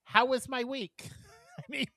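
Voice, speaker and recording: A man's voice: very high voice, steady tone, a little slow, creaky, pushed and bright. A tired man co-hosting a podcast, chatting in a rambling, giggly way with lots of fillers. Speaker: podcast co-host. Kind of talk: casual chat.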